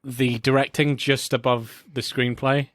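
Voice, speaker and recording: A man's voice: medium pitch, little pitch movement, measured pace, a bit bright, no room sound, clean studio sound. A man co-hosting a podcast, chatting about films with enthusiasm and frequent restarts. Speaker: podcast co-host. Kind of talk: casual film review chat.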